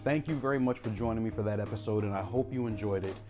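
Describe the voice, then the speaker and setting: Man, cooking vlogger, relaxed chatty step-by-step tips, lowish voice, clear music behind. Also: quick pace. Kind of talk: casual cooking demonstration. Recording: home video with music behind.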